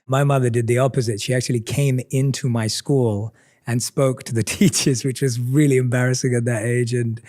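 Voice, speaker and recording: A man's voice: mid-range voice, fairly even intonation, normal speed, a little mellow. A man in his thirties hosting a podcast, earnest and grateful as he introduces and asks questions. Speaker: podcast host.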